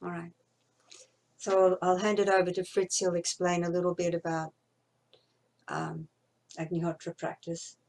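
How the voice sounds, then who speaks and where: A woman instructor teaching mantra pronunciation, chanting syllables slowly and carefully. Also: fairly low pitch, lively intonation, a little mellow.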